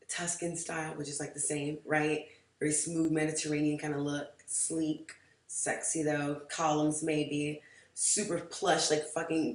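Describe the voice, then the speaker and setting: A woman telling a personal story in a casual vlog, animated and profane, shifting between loud outbursts and soft, low asides. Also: distant mic. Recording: roomy echo.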